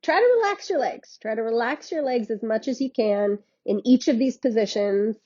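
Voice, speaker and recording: A woman's voice: a little high, expressive, normal speed, dark tone, highs cut off. A woman fitness instructor guiding a workout in a chatty, encouraging way, laughing often.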